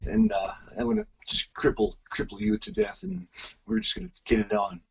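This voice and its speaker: A man voicing a gruff, menacing male wrestler who speaks in a deliberate way. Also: sits high, sing-song, lo-fi sound, slight background noise, pitched above the performer's own voice, exaggerated voice.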